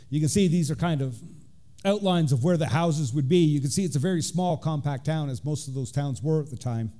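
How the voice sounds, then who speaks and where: Mellow-voiced deacon giving a casual sermon. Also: male voice, a little high. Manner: conversational, with frequent fillers and restarts. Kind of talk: informal sermon with scripture reading.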